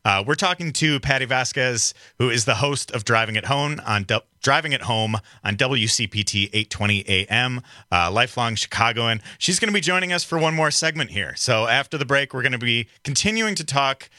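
Bright-voiced radio talk show host, man. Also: mid-range voice, expressive, no room sound, clean studio sound. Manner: loose, joking, halting.

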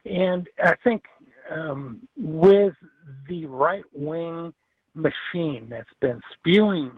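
A man calling in to a radio show, making his point in an earnest, deliberate way. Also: fairly high pitch, slightly rough, no room sound. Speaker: radio caller. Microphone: telephone. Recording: tinny phone line.

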